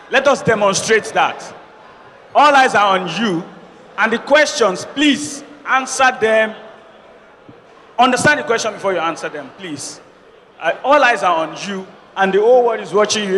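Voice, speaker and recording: A man moderates a student debate, projecting a high, sharp voice over the room. He pleads formally and insistently, repeating his requests. His voice rings with long reverb, with faint noise behind. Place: large hall with a noisy student audience. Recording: reverberant hall with background noise.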